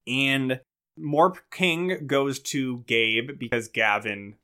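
Bright-voiced sarcastic man recapping a movie. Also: mid-range voice, very slow, smooth. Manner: sarcastic, jokey, acts out characters' lines. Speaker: podcast co-host. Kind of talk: casual movie recap chat.

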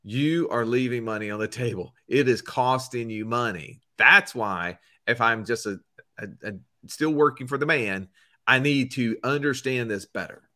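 A man's voice: medium pitch, bright, forceful tone. Emphatic podcast co-host, man. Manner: emphatic, dramatic pauses. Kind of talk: podcast intro chat.

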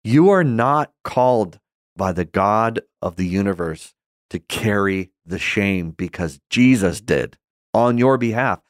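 A man's voice: lowish voice, animated, takes it slowly, no echo, studio quality. A man giving an earnest, conversational Bible teaching that grows more emphatic and impassioned. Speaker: Christian teacher.

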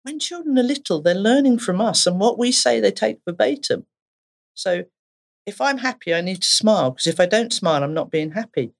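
A woman's voice: medium pitch, brisk, creaky. A woman therapist with an Essex accent, telling stories animatedly in a podcast conversation and laughing often. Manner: animated storyteller, laughs often, acts out voices. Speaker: therapist guest.

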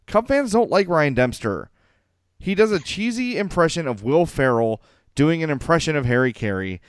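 A man's voice: a little high, smooth, dry recording, studio quality. A man co-hosting a sports podcast, chatting casually and rambling through stories with easy laughs. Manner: chatty, rambling storyteller who laughs easily. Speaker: podcast co-host.

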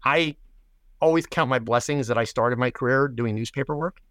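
A man's voice: medium pitch, moderate pace, fairly bright tone, dry recording. A man in his sixties with an American accent, a podcast guest telling stories in an easygoing, reflective way. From United States. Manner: reflective, anecdotal, easygoing with fillers. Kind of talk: casual conversation.

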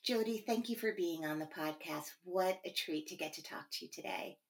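A woman's voice: on the low side, moderate pace. A woman hosting an interview podcast, speaking with effusive praise and many fillers. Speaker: podcast host.

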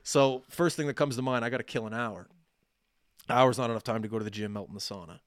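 A man's voice: mid-range voice, fast, no room sound, studio quality. A man in his thirties telling a long story on a podcast, acting out each side of the conversations. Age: 30s. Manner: animated, acts out quoted dialogue. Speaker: podcast co-host. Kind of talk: casual storytelling chat.

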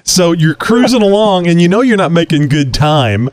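A man's voice: fairly high pitch, big pitch swings, normal speed. A man co-hosting a podcast in casual chat, jokey and playful. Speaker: podcast co-host.

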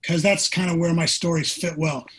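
A man's voice: fairly high pitch, level tone, normal speed, a bit bright, breathy edge. A middle-aged man, a former pro football player, telling an earnest personal story in an interview.

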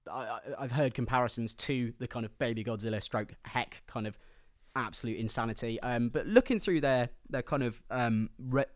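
A man's voice: medium pitch, no echo, clean studio sound. A man co-hosting a casual music review chat, articulate and wordy with casual swearing. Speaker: podcast co-host reviewing an album.

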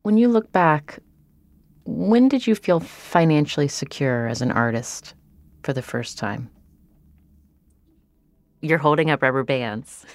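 A woman interviewer asking curious, lively questions and narrating between answers. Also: low voice, a little slow, long pauses, no echo, clean studio sound. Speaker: interviewer, radio host.

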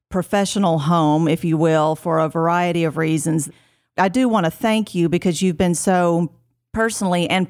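A woman's voice: lowish voice, darkish tone, clean tone, dry recording, clean studio sound. A woman from the southeastern US with a Southern accent, hosting a podcast interview in a gracious, effusive way. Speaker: podcast host.

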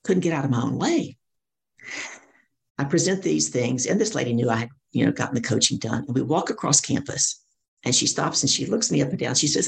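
A middle-aged woman with a gravelly, bass voice, a guest speaker and coach, tells stories in an interview at a fairly quick clip. Full of vivid energy, she acts out the voices of the people she quotes.

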